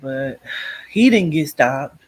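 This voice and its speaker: A woman's voice: low voice, takes it slowly. Blunt, profane woman telling her story. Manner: profane, blunt and animated, acts out quoted speech; addresses listeners directly as "child" and "girl". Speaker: storyteller recounting her own life. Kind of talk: casual personal storytelling.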